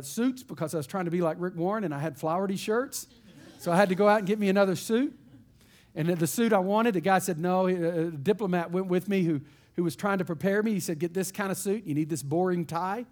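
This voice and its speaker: A man from East Texas, a pastor telling a story in a sermon in an animated, folksy way. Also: high voice.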